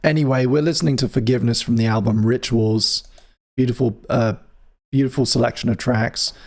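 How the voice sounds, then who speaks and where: Talking fairly quickly at a medium pitch with a steady tone, a man from Britain runs a live music stream, playfully ribbing his viewers and rambling casually.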